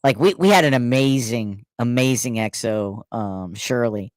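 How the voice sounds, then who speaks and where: A man's voice: medium pitch, a little slow, dry recording, poor audio. Laughing man telling sea stories. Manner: animated storyteller, acts out quotes, laughs often. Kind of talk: casual storytelling chat.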